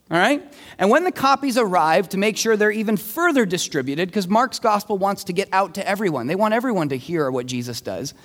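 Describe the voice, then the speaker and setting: A young male pastor preaching with a high, lively voice that climbs and dips as he acts out his story. His talk rings with the long echo of a large hall. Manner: animated storytelling, acting out voices of scribes. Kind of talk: sermon.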